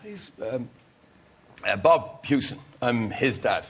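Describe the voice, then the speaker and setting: Guesting on a chat show, this middle-aged Irish musician wanders through a lengthy story, breaking off to perform other people's lines. His voice is medium-pitched and slow, with big swings in pitch.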